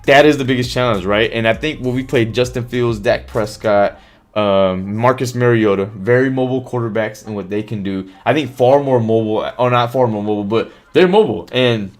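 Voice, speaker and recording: Over faint background music, a man with a mid-range, slightly fast voice chats casually about football on his live stream. He swears a lot, stays animated, and reads viewers' comments aloud.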